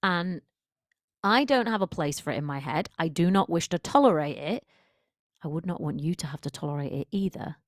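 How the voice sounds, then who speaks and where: A woman with a low voice coaching listeners on a solo podcast. She talks in a direct, emphatic, conversational way. The sound is close and dry, with no room echo. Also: expressive, a little fast. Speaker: confidence coach.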